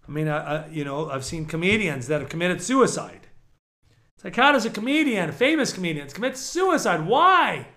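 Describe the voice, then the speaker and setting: A middle-aged man preaching a sermon, animated, swinging between shouts and low murmurs. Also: moderate pace.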